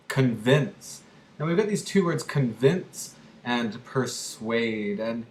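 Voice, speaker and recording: A man explains English grammar in a slow, measured way, pausing often and leaning on fillers as he talks. His voice sits at an ordinary pitch. It sounds roomy and echoey, with a faint hiss of noise behind it. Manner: slow and deliberate, with many pauses and fillers; acts out example sentences with a raised pitch. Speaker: English teacher.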